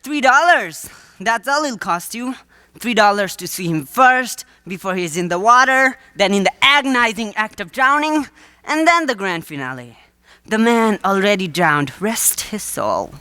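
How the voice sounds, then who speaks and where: A wheedling waterfront showman, played by a teenage student, pitches his act with theatrical sales patter. The voice swoops up and down with bright, ringing energy. It is a live school stage play, and the sound is dry and close. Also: big pitch swings, measured pace, smooth, no echo. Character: wheedling male waterfront huckster staging fake drownings.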